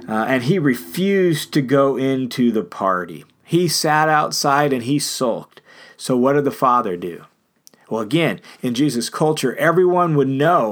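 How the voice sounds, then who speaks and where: An earnest man preaching a sermon, retelling a story with emphatic repetition. His voice sits in a plain middle range for a man, and he builds his points steadily phrase by phrase. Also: medium pitch. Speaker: pastor.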